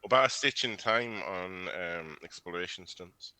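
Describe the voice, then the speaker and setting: A man's voice: low-pitched, normal speed, sharp tone, slight background noise, low-quality recording. A man playing in a tabletop game, talking in an easygoing, chuckling way. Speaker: player. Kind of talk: casual tabletop role-play.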